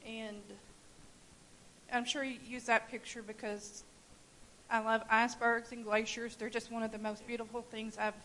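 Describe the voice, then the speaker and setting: Animated woman sharing a church testimony. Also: fairly high pitch, moderate pace, poor audio. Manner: animated storytelling with laughs. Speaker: church member giving testimony. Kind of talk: personal testimony. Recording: faint hiss.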